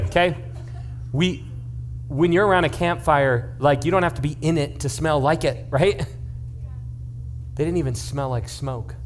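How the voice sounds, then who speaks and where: Lively joking young man preaching. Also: fairly high pitch. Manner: joking, conversational, checks in with the audience; lively storyteller. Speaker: youth pastor. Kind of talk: casual youth sermon.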